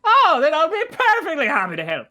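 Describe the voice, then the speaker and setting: A high, lively voice gives an old pirate full of delight, as a man puts him on. He exclaims and swoops up into squeals, and there is faint music behind. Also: measured pace, full character voice. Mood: cheerful. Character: old cheerful male pirate, wheelchair-bound.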